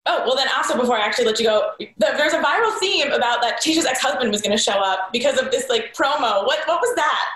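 Fast-talking playful woman interviewer. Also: sits high, lively intonation, a bit bright. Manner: quick, playful questioning. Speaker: podcast co-host interviewer. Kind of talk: casual interview chat. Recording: roomy echo.

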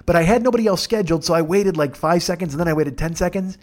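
A man with a fairly high-pitched voice tells casual comedic stories at a friend's house. He's profane and animated, acting out the dialogue in quick voices.

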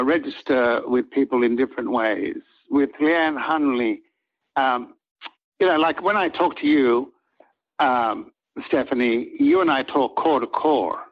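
An older man, an actor guest in an interview, telling reflective stories in an earnest, halting way with many restarts. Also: medium pitch. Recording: dull lo-fi audio.

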